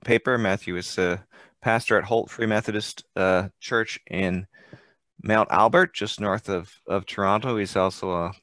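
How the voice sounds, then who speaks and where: A man's voice: fairly low pitch, measured pace, a bit bright, dry recording, clean studio sound. A man moderating a conference session, introducing the next speaker in a casual way with hesitant fillers.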